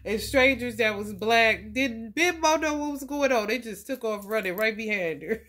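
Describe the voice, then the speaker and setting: A woman's voice: a little high, moderate pace, few pauses, a bit bright. A woman, talking loosely and profanely in a casual tarot vlog. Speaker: tarot reader.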